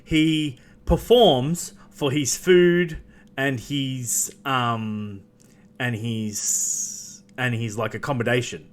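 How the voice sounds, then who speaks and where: A man's voice: medium pitch, fairly even intonation, extremely slow. A man who plays tabletop games, chatting casually, rambling with lots of fillers and restarts and laughing often. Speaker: tabletop game player. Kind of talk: casual chat.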